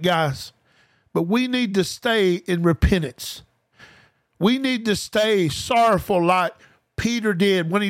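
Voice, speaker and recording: A man's voice: sits high, a bit bright, no echo. A man preaching an informal podcast sermon, fervent and colloquial, repeating key phrases and asking listeners rhetorical questions. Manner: speaks straight to listeners as "guys".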